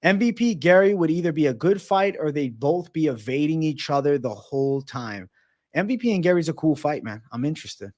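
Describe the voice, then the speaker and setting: A man's voice: on the high side, lively intonation, fairly quick, a little mellow. A man hosting a casual fight-sports livestream, reading out chat questions and answering with frequent swearing. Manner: profane, casual, reads chat questions aloud. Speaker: MMA livestream host.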